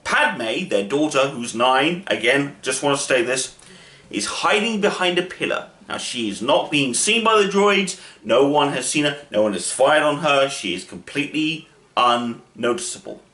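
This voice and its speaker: A man's voice: mid-range voice, lively intonation, normal speed, bright, forceful tone. Chatty man in an echoey room. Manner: chatty, rambling, with asides and fillers. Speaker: channel host. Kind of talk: casual story retelling. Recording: roomy echo.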